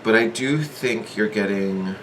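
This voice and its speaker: Guy doing a chill tarot reading, lowish voice, hedges and repeats himself, encouraging. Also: measured pace, fairly bright tone, a little hiss or hum. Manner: thinks aloud with hedges and repeats, earnest and encouraging. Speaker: tarot reader.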